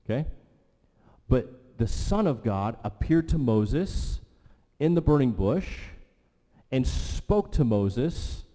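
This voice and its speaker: A male pastor preaching a sermon, telling the story vividly and dropping his voice low for emphasis. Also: big pitch swings, slow pace, mellow. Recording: long hall reverb.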